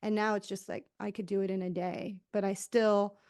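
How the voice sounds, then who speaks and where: A woman's voice: mid-range voice, level tone, normal speed, darkish tone, smooth. Candid woman telling a personal story. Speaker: podcast host. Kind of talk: casual interview chat.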